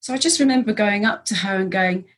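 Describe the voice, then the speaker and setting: A woman massage practitioner and trainer telling an anecdote in an animated way, acting out bits of dialogue. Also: medium pitch, fast talker. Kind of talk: anecdotal storytelling.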